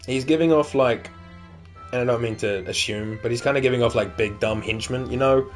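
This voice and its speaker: A man's voice: medium pitch, fairly quick, faint music behind. A man giving loose, casual commentary while playing a game, chatty and swearing now and then. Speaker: gaming streamer. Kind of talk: casual let's-play commentary.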